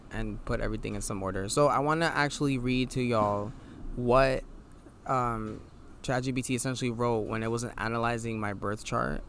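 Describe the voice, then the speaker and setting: A tired man with a nasal voice, hosting a podcast. He talks in a casual, reflective monologue and reads affirmations aloud in a low, laid-back way. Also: a bit bright, slight background noise. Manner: low, laid-back delivery with mild swearing. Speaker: podcast host.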